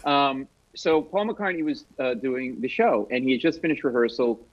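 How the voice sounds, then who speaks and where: A man telling a comic story as a guest comedian, animated and self-mocking. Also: medium pitch, normal speed, muffled recording.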